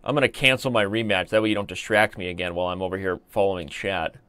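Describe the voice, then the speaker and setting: A man's voice: deep voice, fairly even intonation, fast talker, pushed and bright, clear, resonant tone, no room sound. A man in his thirties hosting a live stream, chatting casually and joking while he reads viewer comments aloud. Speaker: chess streamer host.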